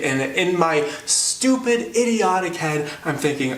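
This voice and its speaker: A man's voice: on the high side, animated, a little slow, hardly any pauses, fairly bright tone. Guy rambling through a stand-up story, lots of ums, roomy echo, mic far off. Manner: rambling, self-deprecating, filler-heavy. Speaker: comedian, storyteller. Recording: roomy, distant mic, faint hum.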